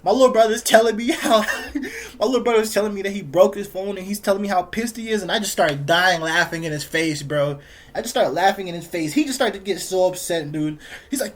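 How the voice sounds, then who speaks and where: A man's voice: high-pitched, brisk. A young man telling a rambling story for his vlog in casual slang, repeating himself and calling the listener "bro" constantly. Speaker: vlogger.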